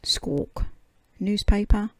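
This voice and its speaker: A woman's voice: mid-range voice, drawn-out words, no echo. A woman voicing a pet parrot that repeats words in clipped squawks, in a whispered storybook reading. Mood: squawky.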